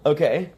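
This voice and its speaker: A man's voice: dark tone, muffled recording, a little hiss or hum. A young man telling a story in casual stream talk, acting out the quoted lines and laughing between them.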